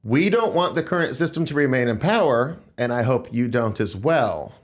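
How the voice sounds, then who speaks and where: Opinionated guy hosting a podcast, rambly and emphatic, regular pitch. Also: lively intonation, normal speed. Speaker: podcast host. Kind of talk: casual political discussion.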